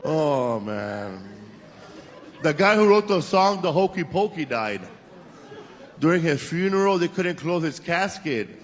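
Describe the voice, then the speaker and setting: A man doing stand-up comedy with deadpan setups and crude punchlines. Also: fairly high pitch, a little slow. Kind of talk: stand-up jokes. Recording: stage recording with background noise.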